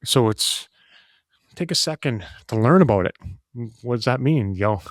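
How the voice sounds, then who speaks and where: A man's voice: medium pitch, lively intonation, moderate pace, dry recording, clean studio sound. A man talking as a podcast guest, emphatic and full of restarts and "you know". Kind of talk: casual conversation.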